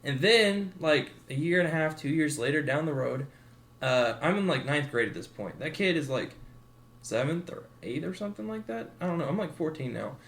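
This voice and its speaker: A man's voice: fairly high pitch, lively intonation, normal speed, fairly bright tone. Young man telling a wild story. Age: 20s. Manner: laid-back, acts out quotes with swearing and laughter. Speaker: podcast co-host. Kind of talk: casual storytelling.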